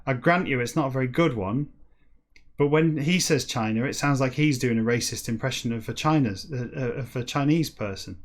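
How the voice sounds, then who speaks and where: A man hosting a comedic solo podcast, rambling off on tangents, putting himself down, and reading a text aloud in slow, halting word-by-word bursts. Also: mid-range voice. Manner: rambling and self-deprecating, with frequent digressions. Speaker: podcast host.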